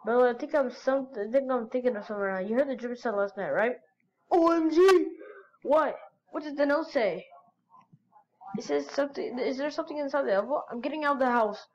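A woman hosting her channel, reading chat stories aloud with excitable, gasping reactions. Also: a little high, fast, dull audio. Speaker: channel host.

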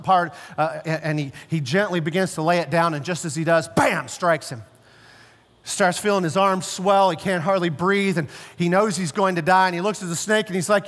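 High-voiced preacher in a reverberant hall. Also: male voice, a bit bright. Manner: storytelling, emphatic, slows and drops low for stress. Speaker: pastor. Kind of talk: sermon. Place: church sanctuary.

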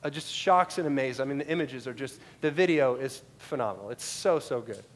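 An American pastor preaches a sermon to his congregation at a brisk pace and medium pitch, weaving in stories and asking rhetorical questions again and again.

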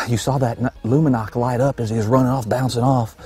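A man's voice: medium pitch, fairly even intonation, a little fast, darkish tone, slightly rough. A man, a bowhunter, out of breath outdoors at night, stammering and repeating himself in disbelief after a shot. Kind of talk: excited field commentary after a shot.

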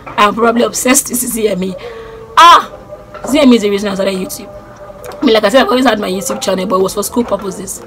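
A young Nigerian woman with a Nigerian accent, chatting excitedly on her vlog and repeating herself as she gushes about people she admires. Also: mid-range voice, fast talker, soft background music. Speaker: YouTuber. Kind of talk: casual vlog chat.

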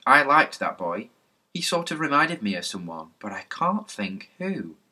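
A man's voice: mid-range voice, sing-song, measured pace, sharp tone, full character voice. A man voicing an earnest, thoughtful schoolboy in a children's storybook reading. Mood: musing. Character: sensible eldest schoolboy, thoughtful.

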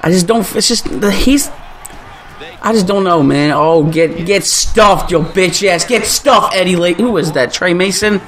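A man doing live commentary over his own football video game match, excitable, swearing and groaning at the plays. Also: sits high, a little slow. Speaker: gaming YouTuber.

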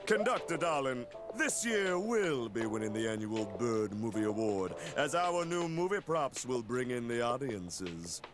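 A man's voice: medium pitch, very animated, unhurried, few pauses, over music. An actor playing a flamboyant male disco penguin director in a video game, with a theatrical, posh drawl. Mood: haughty.

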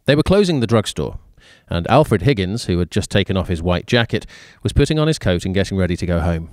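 Male storyteller, low voice, measured story reading. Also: no echo, studio quality. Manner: even, measured reading with occasional fillers. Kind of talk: reading a short story aloud.

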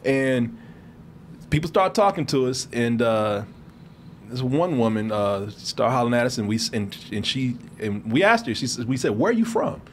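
A man's voice: medium pitch, normal speed, slight background noise. A man from Texas, a show host, telling a story in casual chat and acting out the people in it. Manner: animated, acts out the people in his story.

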